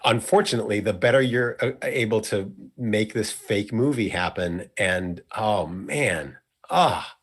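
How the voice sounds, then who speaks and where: A man's voice: lowish voice, measured pace, slightly rough. A young man hosting a casual conversation, rambling and self-correcting with a playful streak. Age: young adult. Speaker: host.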